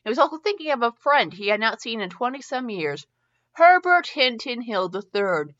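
A middle-aged woman reads a fanfiction story aloud, her voice bright and sharp. She often trips over words and starts again. The recording is muffled and lo-fi. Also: on the high side, big pitch swings, normal speed. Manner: stumbles and restarts often, chatty asides. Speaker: fanfiction reader and podcast host. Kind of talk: reading a story aloud with asides.

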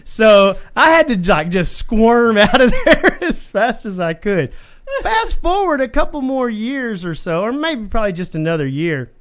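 A man's voice: a little high, fairly bright tone, clean tone. A man co-hosting a podcast, telling rambling anecdotes in casual chat with lots of fillers. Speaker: podcast co-host.

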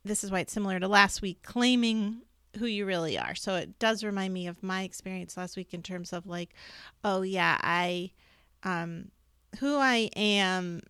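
A woman co-hosting a spiritual podcast, talking fast and rambling with fillers and restarts. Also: medium pitch, expressive, fairly bright tone, clean tone, dry recording, clean studio sound. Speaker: podcast co-host, intuitive reader. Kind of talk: casual spiritual chat.

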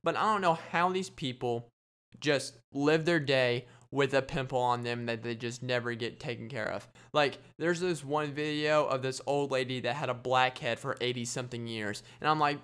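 A man's voice: medium pitch, fairly even intonation, normal speed, a bit bright, clean tone. A young adult man hosting a solo comedy podcast, rambling and boasting with jokey gross-out banter. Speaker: podcast host.

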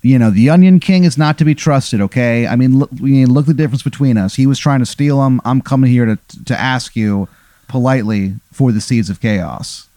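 A man's voice: medium pitch, brisk, mellow, no echo, close to an everyday voice. A man voicing a scheming Carrot King in a comedy podcast, talking persuasively and wheedling.

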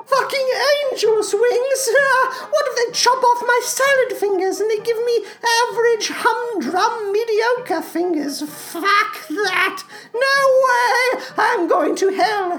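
A woman voicing a creepy, childlike male creature who is whimsical and morbid, giggling and tearful in a slow, drawn-out comedic sketch. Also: very high-pitched, fairly bright tone, pitched above the performer's own voice, exaggerated voice. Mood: giddy defiant.

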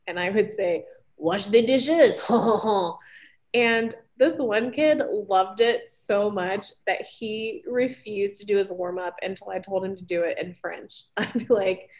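A woman's voice: medium pitch, measured pace, few pauses. A young woman co-hosting a podcast, a former teacher, chatting casually with lots of ums and likes and frequent giggles. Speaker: podcast co-host. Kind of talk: casual chat, retelling research.

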